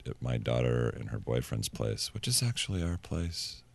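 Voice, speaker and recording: A man in his fifties chatting as a radio show guest, joking in a dry deadpan way. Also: extremely low pitch, normal speed, creaky. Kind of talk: casual radio interview chat. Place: radio studio.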